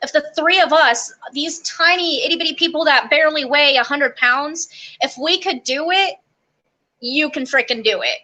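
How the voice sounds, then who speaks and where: Young woman w a high bright voice, animated storyteller, chatty interview. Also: lo-fi sound. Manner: animated, quick storytelling with acted-out quotes. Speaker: interview guest, army basic training graduate.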